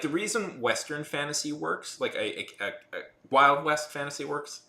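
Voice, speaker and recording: A man's voice: mid-range voice, pushed and bright, reverberant. A man hosting a casual live chat, rambling with many restarts and fillers. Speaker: livestream host.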